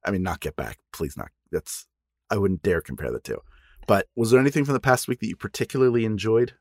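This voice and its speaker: A man's voice: fairly low pitch, quick pace, a little mellow, no echo, clean studio sound. A man hosting a podcast in casual chat, musing aloud and asking questions. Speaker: podcast host.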